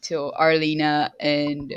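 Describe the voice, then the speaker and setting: A woman playing a tabletop game, speaking in a hesitant, halting way as she describes her character. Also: low voice, completely flat delivery, clear, resonant tone, dull audio. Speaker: player. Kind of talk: casual tabletop play.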